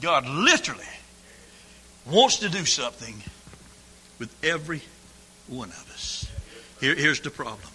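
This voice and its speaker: An older man preaching a folksy sermon, swinging from hushed asides to shouted lines in a church. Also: on the high side, big pitch swings, unhurried, long pauses, a little hiss or hum. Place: church sanctuary. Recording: long hall reverb.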